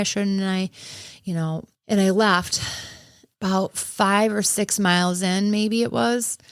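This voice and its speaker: A woman hosting a podcast who tells a personal story in a casual way, candid and lively, swearing and laughing often. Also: fairly low pitch, no room sound, studio quality. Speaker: podcast host and running coach.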